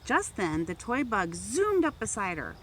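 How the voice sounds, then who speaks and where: A woman reads a picture book aloud for children with a gentle storytelling manner. Her pitch swings widely as she narrates, and faint background hiss sits under her voice. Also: big pitch swings, unhurried. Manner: gentle storytelling, raising voice for toy characters. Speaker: volunteer reader.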